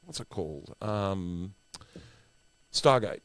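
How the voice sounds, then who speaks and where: A middle-aged man hosting a podcast in casual chat. He tells lively anecdotes and acts out the voices of the people in them. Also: low voice, slow pace, gravelly, no room sound. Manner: animated storyteller who acts out the voices of the people in his stories. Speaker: podcast host.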